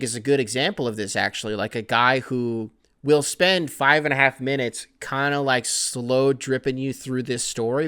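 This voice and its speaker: A man's voice: mid-range voice, fairly bright tone, clear, resonant tone. A man hosting a casual sports podcast, talking in a loose, rambling way and swearing freely. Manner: loose, rambling and profane, self-described scatterbrained. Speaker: podcast host.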